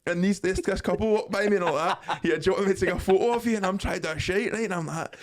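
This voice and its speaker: A man's voice: high voice, very fast, hardly any pauses. A young man with a Scottish accent, telling a story as a podcast host, laughing and swearing as he goes. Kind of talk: casual storytelling chat.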